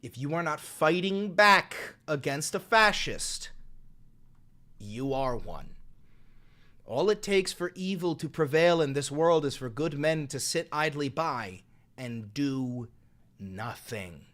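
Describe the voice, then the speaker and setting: A man's voice: fairly high pitch, animated, takes it slowly, a bit bright. A man in his twenties giving profane, impassioned political commentary on a livestream into a desk microphone. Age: 20s. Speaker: live streamer.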